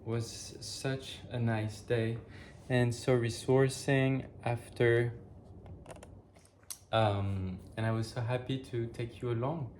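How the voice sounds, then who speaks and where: A vlogger chats casually with viewers while cooking breakfast in his home kitchen, filmed by a camera on a tripod. His medium-pitched, darkish voice is slow with fairly even intonation and slight background noise, and he rambles with many fillers, thinking aloud and correcting himself.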